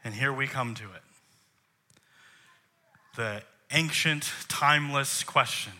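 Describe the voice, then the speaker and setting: A man's voice: medium pitch, takes it slowly, pushed and bright. A man, a worship leader, preaching a sermon in an emphatic way, posing rhetorical questions to the congregation.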